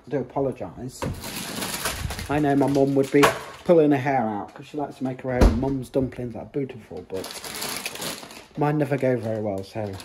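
A man's voice: medium pitch, heavy background noise. A man vlogging chattily at home on a handheld phone, joking and rambling. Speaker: family vlogger. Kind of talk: casual chat to camera. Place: family home, kitchen.

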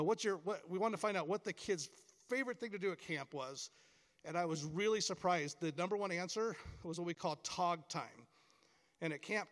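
Long reverb from a large chapel hall surrounds this middle-aged man's high, fairly bright voice. A camp staffer speaking at a school chapel, he encourages the children with stories and performs the quoted lines himself.

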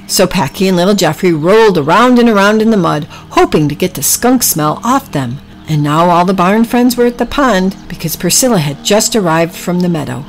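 A woman narrating a children's story with gentle, drawn-out emphasis. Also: lowish voice, expressive, faint music behind, poor audio.

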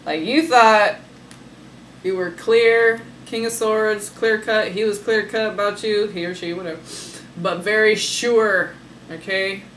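A woman's voice: medium pitch, fairly even intonation, measured pace, a bit bright, a little hiss or hum, low-quality recording. A woman giving a casual, sassy tarot reading, talking emphatically and laughing often. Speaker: tarot reader.

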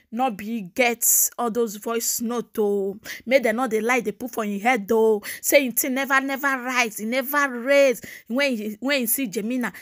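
A Nigerian woman hosting a celebrity gossip channel, talking in a casual, animated, mocking way with sing-song repetitions. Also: a little high.

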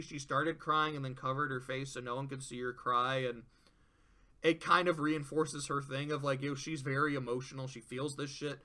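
Male reviewer, casual, animated and profane, high bright voice, slips into quick character voices. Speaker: show reviewer. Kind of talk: casual tier-list commentary.

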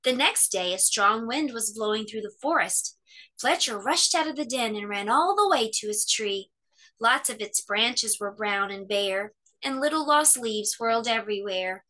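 A woman hosting children's story time, reading a picture book aloud with expressive, animated storytelling. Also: fairly high pitch, normal speed.

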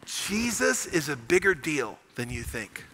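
Pastor, male, middle-aged; high, bright voice, animated sermon storytelling. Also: measured pace, rough recording. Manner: animated storytelling, rising to emphatic proclamation. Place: church sanctuary.

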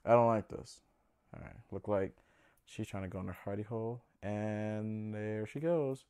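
A young man with a lowish voice talks through a home vlog in a chatty, easygoing way. He sounds a little nervous and often speaks straight to his animals as he works. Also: normal speed, warm tone, clean tone. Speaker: pet keeper vlogger. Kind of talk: casual hands-on vlog narration.

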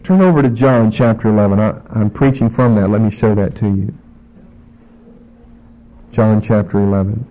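A man's voice: fairly low pitch, moderate pace, long pauses, warm tone, muffled recording. A man preaching a sermon, reading scripture aloud and acting out the dialogue with emphasis.

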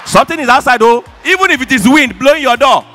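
Nigerian stand-up comic, high bright voice, animated shouting delivery, faint music behind. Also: male voice, fast. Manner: animated, shouting punchlines, mimicking squealing fans. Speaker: stand-up comedian. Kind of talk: stand-up comedy. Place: awards show stage.

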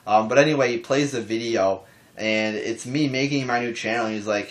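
A young man talking calmly to his camera in a casual response vlog, rambling with lots of restarts and fillers and casual swearing. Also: medium pitch, fairly quick. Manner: calm, even talking voice. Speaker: wrestling YouTuber.

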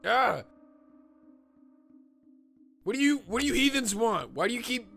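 Man doing a cartoon pony student, grumpy, swearing, high bright voice, lively. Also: measured pace, gravelly, soft background music, exaggerated voice. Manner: bitter, complaining, swears a lot. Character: grumpy foul-mouthed young male pony student. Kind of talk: improvised comic fan dub.

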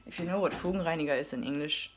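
A woman's voice: low voice, very fast, a little hiss or hum. A young woman with a German accent, chatting in a rambling, self-mocking vlog with giggles and whispered asides. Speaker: vlogger. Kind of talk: casual vlog chat.

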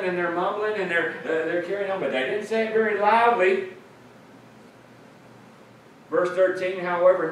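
A man preaching a sermon, explaining a passage earnestly and repeating phrases for emphasis. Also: high-pitched. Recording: very echoey room, mic at a distance, faint noise.

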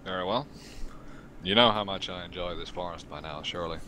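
Deep-voiced man playing a character. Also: fairly quick, bright, forceful tone, a little hiss or hum. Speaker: player. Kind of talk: in-character tabletop play.

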